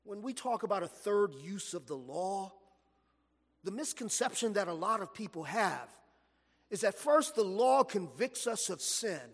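A man's voice: high-pitched, a little slow. A man preaching a sermon in a church, telling stories and stretching words for emphasis. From Los Angeles, USA. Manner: animated storytelling preaching, stretched emphatic phrases. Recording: long reverb from a large hall.

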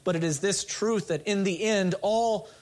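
Guy preaching a sermon, kinda higher voice, earnest, keeps asking rhetorical questions. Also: normal speed, darkish tone. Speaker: pastor. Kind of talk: expository sermon.

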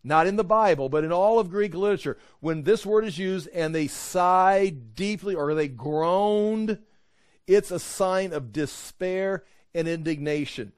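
Guy teaching a bible study, kinda high voice, animated, acts out the quotes, dry close sound. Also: unhurried, clean tone, dry recording.

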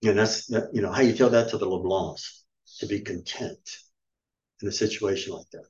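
A man's voice: fairly low pitch, moderate pace, darkish tone, highs cut off. A middle-aged man preaching a sermon as pastor, emphatic and scolding, firing off rhetorical questions. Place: church.

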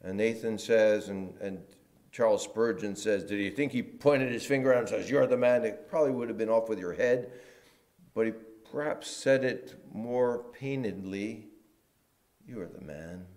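A man preaching a sermon in a church, moving between loud emphatic lines and quiet, hushed ones. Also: on the low side, moderate pace. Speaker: pastor.

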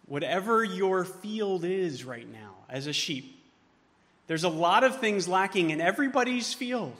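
A man preaching a sermon as pastor, moving from hushed, tender passages to loud, emphatic ones. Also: high-pitched, lively intonation, measured pace. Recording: long hall reverb.

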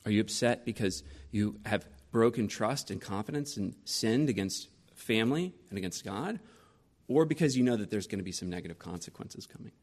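A man's voice: fairly low pitch, brisk. A man in his forties preaching a sermon, telling personal stories and asking rhetorical questions. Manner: storytelling, rhetorical questions, lively shifts in loudness. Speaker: pastor.

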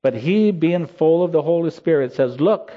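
A man preaching a sermon in a slow, earnest voice that rises in emotional peaks. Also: on the high side. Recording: slightly dull lo-fi sound.

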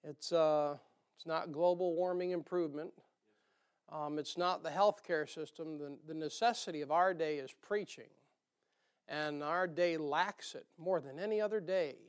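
This preacher's voice is on the high side and clean, moving at a normal speed. With a northern US accent and nasal twang, he meanders through a homey sermon sprinkled with jokes.

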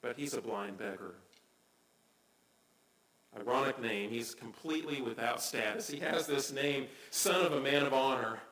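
A man preaching a sermon as pastor, swinging from hushed asides to loud, excited cries. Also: mid-range voice, moderate pace, echoey room, rough recording.

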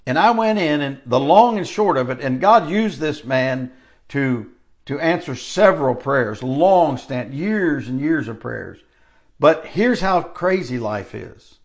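Gravelly older man preaching a sermon. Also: a little high, lively intonation. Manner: conversational, drawn-out emphatic phrases. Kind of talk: sermon with personal storytelling.

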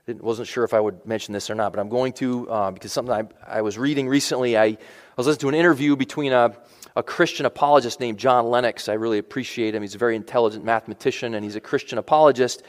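A man's voice: medium pitch, steady tone, fast talker, big-room sound. A male pastor preaching a sermon in a conversational style, with asides and restarts.

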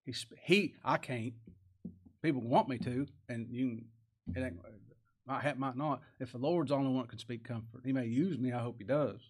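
A man's voice: mid-range voice, brisk. A man preaching a sermon as pastor, with emphatic bursts and chuckles.

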